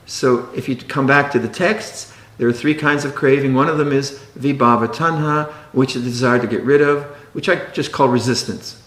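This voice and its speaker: A man teaching meditation in a relaxed dharma talk, his medium-pitched voice carrying a roomy echo. He talks in a playful way, laughing often and sometimes mimicking fussy, precious meditators. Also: normal speed, few pauses.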